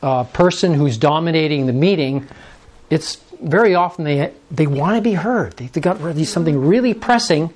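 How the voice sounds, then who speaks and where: A man's voice: on the high side, normal speed, a little mellow. A man presenting an interactive workshop, often checking in with the audience. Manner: coaxing, prompts the audience often.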